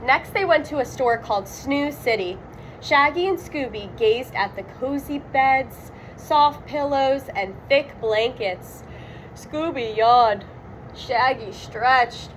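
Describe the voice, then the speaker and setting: A woman narrates a children's storybook aloud in a high, bright register. She takes her time over every line. She gives the sound words real dramatic weight. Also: takes it slowly, slight background noise, low-quality recording. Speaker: storybook reader.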